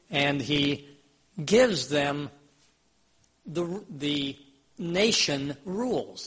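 A man's voice: a little high, a bit bright, breathy edge. A man preaching a sermon, retelling scripture in everyday words and putting questions to his listeners in a conversational way. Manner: conversational, asks the audience questions.

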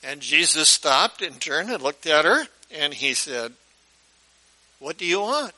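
A man's voice: a little high, big pitch swings, unhurried, pushed and bright, poor audio. A male pastor preaching a sermon in a conversational storytelling way, often putting questions to his listeners.

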